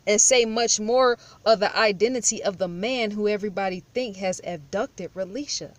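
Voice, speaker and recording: Firm, blunt woman vlogger. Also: mid-range voice. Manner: rhetorical questions, repeats herself. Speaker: true-crime commentator. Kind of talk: casual vlog commentary.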